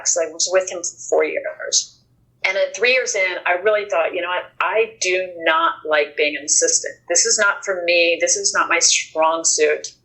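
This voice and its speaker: A woman guest on a podcast, telling a personal story in an earnest, animated way, acting out the dialogue as she goes. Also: fairly low pitch, low-quality recording. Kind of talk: conversational storytelling.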